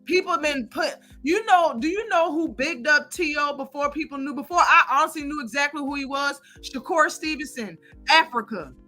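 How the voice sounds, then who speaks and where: A woman's voice: sits high, moderate pace, bright, forceful tone, faint music behind. A woman hosting a live stream, giving heated, blunt and profane commentary.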